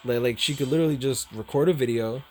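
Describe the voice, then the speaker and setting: A young man talking casually to his viewers, rambling and repeating himself, swearing freely, halting and emotional. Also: medium pitch, darkish tone, slight background noise. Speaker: streamer.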